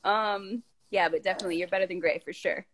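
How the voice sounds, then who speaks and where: A woman's voice: mid-range voice, steady tone, fast talker, fairly bright tone, slight background noise. A woman chatting casually on a live stream, reading out viewer questions with plenty of fillers. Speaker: actress co-hosting a live stream. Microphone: phone on a live video stream.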